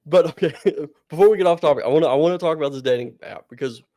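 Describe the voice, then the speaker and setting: A man's voice: fairly high pitch, racing, warm tone, no room sound, studio quality. A man co-hosting a podcast, telling stories in a rambling, casual way and laughing often. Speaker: podcast co-host.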